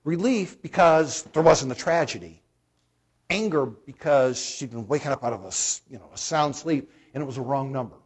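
A man's voice: mid-range voice, expressive, moderate pace, slightly rough. A man preaching a sermon as a pastor, telling a story in a conversational way and putting questions to the congregation.

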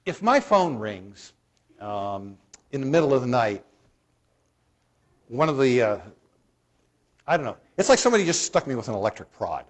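A man with a husky, slightly breathy voice preaching to his congregation. He tells a story in plain, conversational terms and keeps putting questions to the listeners. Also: medium pitch, big pitch swings, moderate pace, long pauses. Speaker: pastor. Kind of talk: sermon.

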